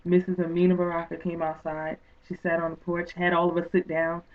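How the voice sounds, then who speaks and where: A woman author telling a story in an interview, excited and animated, acting out what people said. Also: lowish voice, a little fast. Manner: excited, animated retelling with quoted speech. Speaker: guest author and poet. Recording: distant, tinny phone-like sound.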